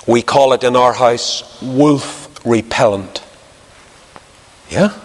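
A man preaching a sermon, lively and conversational, jumping up in pitch to stress a point. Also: slow pace. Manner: animated, jumps in pitch for emphasis. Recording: long hall reverb.

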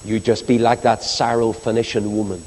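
A man preaching a sermon with fervor, swinging between loud declarations and hushed, pleading passages. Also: lowish voice, level tone, normal speed. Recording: long reverb of a large hall.

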